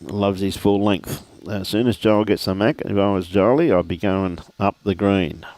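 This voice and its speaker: A middle-aged Australian man commentates a lawn bowls livestream in a relaxed, chatty, matey way, greeting viewers by name with shout-outs. His voice is low and a little mellow, with a steady tone and normal speed. The recording has no echo.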